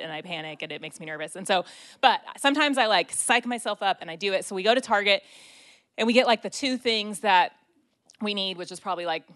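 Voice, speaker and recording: A woman in her thirties telling funny, self-mocking stories about being a mother, talking to a group. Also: medium pitch. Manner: self-mocking, animated storytelling. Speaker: speaker sharing a personal story. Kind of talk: storytelling talk.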